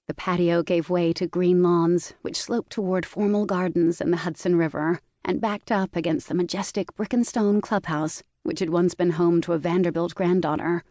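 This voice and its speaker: A woman narrating a historical mystery audiobook in a measured storytelling manner, recorded in a booth. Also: fairly low pitch, fairly even intonation, warm tone, dry recording, studio quality. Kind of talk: scripted narration.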